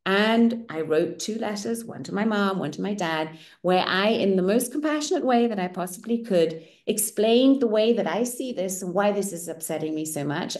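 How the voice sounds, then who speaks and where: A middle-aged woman whose first language is German, hosting a women's circle and telling a personal story in a candid, expressive way that keeps checking in with "right?". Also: medium pitch.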